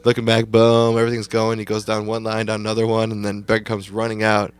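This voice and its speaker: A man's voice: on the low side, completely flat delivery, fast, clean tone. A young man co-hosting a podcast, telling long rambling family stories with plenty of swearing and laughter. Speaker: podcast co-host. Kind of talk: casual storytelling chat.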